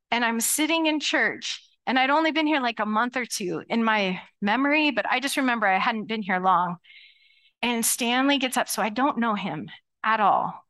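A middle-aged woman pastor preaching a sermon to her church in a lively, conversational way, acting out quoted voices as she goes. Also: a little high. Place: church sanctuary.

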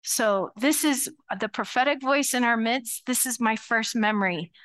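A middle-aged woman pastor preaching a sermon to her church in a lively, conversational way, acting out quoted voices as she goes. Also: a little high, moderate pace. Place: church sanctuary.

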